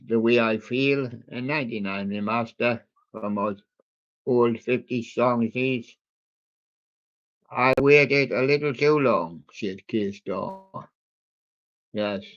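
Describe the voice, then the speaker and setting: A man drifts through a playlist at an unhurried pace, trailing off into ums and small jokes. His voice sits in a middle register. The sound is muffled and lo-fi, like a home stream. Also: medium pitch. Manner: slow, rambling and jokey, with many ums and asides. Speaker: livestream host reading out a music playlist. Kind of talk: casual running commentary between old songs.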